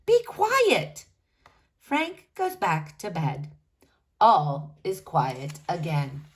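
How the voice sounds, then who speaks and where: A woman teacher reading a children's chapter book aloud in a gentle, sing-song storytelling manner. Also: low-pitched, very animated, extremely slow. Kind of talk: children's read-aloud narration.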